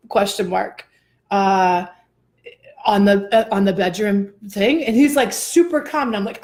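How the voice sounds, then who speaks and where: A woman host telling a personal story in a casual chat, animated and expressive, often laughing. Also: medium pitch, a little slow.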